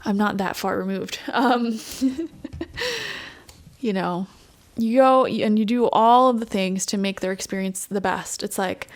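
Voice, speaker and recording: A young woman giving a casual pick-a-card tarot reading, chatty and animated, laughing often. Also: mid-range voice, slow. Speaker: tarot reader.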